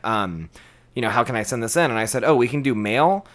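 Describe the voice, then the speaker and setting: Casting: young male podcaster, animated storyteller, mid-pitch, does caller voices, swears. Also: fairly quick. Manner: swears freely. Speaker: podcast co-host. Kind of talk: casual storytelling chat.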